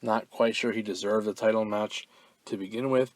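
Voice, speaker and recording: A man hosting a fan-mail podcast in a relaxed, offhand way, full of ums and uhs, now and then breaking into loud, profane excitement. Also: on the low side, normal speed, dry recording. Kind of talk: casual podcast chat.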